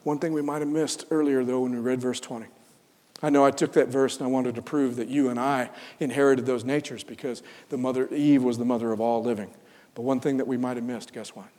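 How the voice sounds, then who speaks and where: A man preaching a sermon, swinging from loud, fervent build-ups to hushed, almost whispered lines. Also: mid-range voice, steady tone, brisk, in a large hall. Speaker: pastor.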